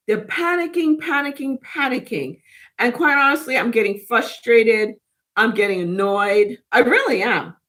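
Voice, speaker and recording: A woman's voice: medium pitch, fairly bright tone. A woman hosting a casual spiritual livestream, rambling and chatty as she reads and answers viewers' live comments from home.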